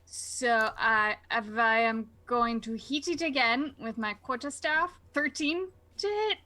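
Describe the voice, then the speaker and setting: A woman's voice: fairly high pitch, takes it slowly, sharp tone. A woman playing a tabletop game on a livestream, hesitant and self-deprecating as she calls her rolls. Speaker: player.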